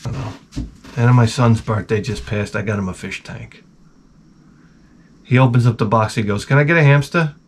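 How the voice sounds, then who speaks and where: Guy on a comedy podcast, rambling crude stories, swears a lot, deadpan. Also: lowish voice, moderate pace, pauses often, a little hiss or hum. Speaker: podcast host.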